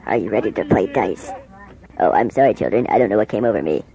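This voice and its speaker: A man voicing an awkward male storybook reader who talks softly and hesitantly, with a lot of apologies. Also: on the low side, expressive, fast, gravelly, pitched below the performer's own voice.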